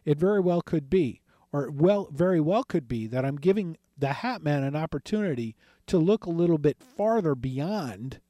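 Guy hosting a call-in radio show, kinda high voice, rambles and corrects himself a lot. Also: expressive, normal speed, few pauses, warm tone, no room sound. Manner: retells conversations, frequent self-corrections. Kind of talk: rambling storytelling monologue.

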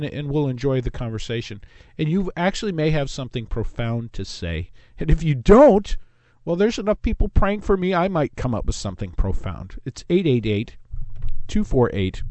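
A man's voice: fairly high pitch, darkish tone, dry recording. A man from Southern California hosting a talk radio show, rambling in a casual monologue and often breaking off his own sentences. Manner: rambling, self-interrupting, jokey. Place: radio studio.

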